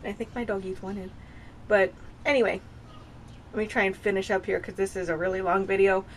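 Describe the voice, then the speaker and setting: A woman's voice: medium pitch, little pitch movement, fairly quick, slight background noise. A woman in her thirties talking at home in a casual personal vlog, rambling and confessional, often circling back and restarting her sentences. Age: 30s. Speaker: vlogger. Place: home with dogs nearby.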